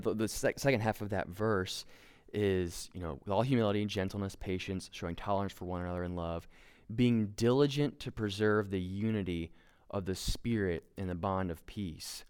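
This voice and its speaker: A man's voice: on the low side, moderate pace, a little mellow, smooth. A young man giving a casual sermon, conversational and self-deprecating, with lots of fillers and restarts. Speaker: preacher.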